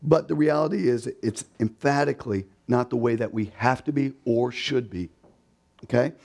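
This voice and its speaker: A man at a mid-range pitch delivers a sermon in a conversational, storytelling manner. He asks his listeners rhetorical questions, repeats key words for emphasis, and briefly acts out the voices of the people he quotes. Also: moderate pace, creaky, a little mellow. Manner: emphatic repetition. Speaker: pastor.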